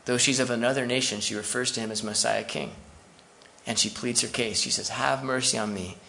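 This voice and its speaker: A male pastor delivering a sermon in a conversational way, dropping asides to his church as he goes. His voice is gravelly with a bright, forceful edge. A faint noise sits under the recording. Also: mid-range voice, fairly even intonation, brisk.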